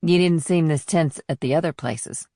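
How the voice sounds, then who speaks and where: A man voicing a tense, sharp-tongued woman federal agent in an audiobook thriller, with clipped, alert questions. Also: on the high side, moderate pace, no room sound, clean studio sound, pitched above the performer's own voice, close to an everyday voice. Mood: wary.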